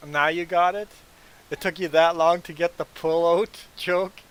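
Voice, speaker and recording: A man's voice: fairly high pitch, fairly even intonation, a little slow, fairly bright tone, smooth, low-quality recording. A man hosting a casual gaming livestream, chatting with viewers, laughing often and stumbling through restarts as he explains things. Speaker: livestream host.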